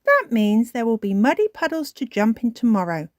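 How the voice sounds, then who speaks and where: A woman voicing a gentle mother pig in a calm, motherly manner for a storybook reading. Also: on the high side, moderate pace, no room sound, studio quality, voice pushed up.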